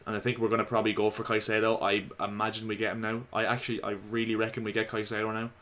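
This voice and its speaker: Man, lowish voice, slightly hoarse, casual opinionated football vlog chat. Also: monotone, rapid-fire, fairly bright tone. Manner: chatty, opinionated, addresses viewers as lads. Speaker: football vlogger. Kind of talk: casual football commentary to camera.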